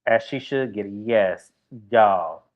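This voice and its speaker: A man's voice: lowish voice, slow pace, dull audio. A man hosting a casual reality TV recap, animatedly retelling scenes and voicing the cast's lines.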